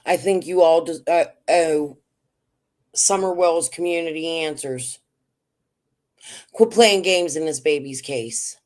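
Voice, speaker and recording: Woman streamer, low voice, slow and blunt, swears often; casual livestream commentary. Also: darkish tone.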